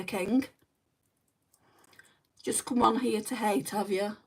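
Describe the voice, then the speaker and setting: A young woman with a husky, steady mid-range voice takes it slowly as she hosts a makeup livestream from home. She chats casually and answers viewer comments one by one while doing her makeup, her voice a bit distant from the mic.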